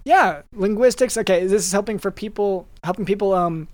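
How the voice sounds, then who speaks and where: A woman's voice: medium pitch, a little fast, no echo. A woman hosting a comedy podcast, often hesitating and restarting her sentences. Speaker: podcast host.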